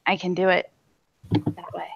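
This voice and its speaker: A woman's voice: lowish voice, flat delivery, normal speed, vocal fry, slightly rough, dry recording, muffled recording. A woman playing a tabletop game in character, chatty and asking lots of questions. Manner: chatty, asks many questions. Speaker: player.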